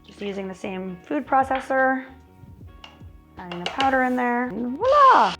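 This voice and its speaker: A woman's voice: fairly high pitch, moderate pace, faint music behind. A woman hosting a cooking show in her home kitchen, chatty and wry as she talks through each step. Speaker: cooking channel host. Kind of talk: casual cooking demonstration.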